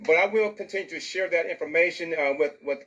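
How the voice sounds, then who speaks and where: A man's voice: a little high, quick pace, fairly bright tone, lo-fi sound. A man, a host and teacher, who talks in affirming, rambling sentences. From rural American South. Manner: affirming, answers with "amen", rambling. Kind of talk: interview hosting.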